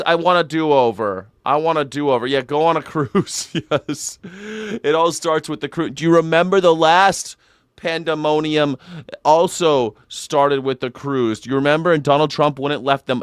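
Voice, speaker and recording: A man's voice: fairly high pitch, a little slow, clean tone, no echo, studio quality. A young man hosting a news reaction show, sarcastic and joking, swearing freely. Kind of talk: comedic news reaction commentary.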